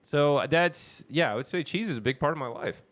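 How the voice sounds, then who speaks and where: A man's voice: fairly high pitch, lively intonation, a little fast, fairly bright tone. A man co-hosting a podcast, chatting casually and rambling through a story he retells with laughs. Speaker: podcast co-host. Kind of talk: casual chat.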